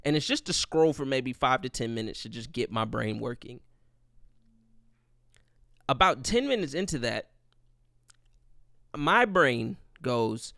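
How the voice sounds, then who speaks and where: A man's voice: medium pitch, lively intonation, measured pace, gravelly, pauses often, sharp tone, dry recording, clean studio sound. A young man hosting a casual solo podcast, rambling and profane, joking at his own expense. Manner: profane, rambling, self-deprecating. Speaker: podcast host.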